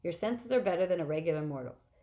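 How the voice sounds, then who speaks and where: A clever teenage girl explains things earnestly and patiently, sure of what she knows, voiced by a woman reading aloud. Her voice sits low and calm. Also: fast, natural voice.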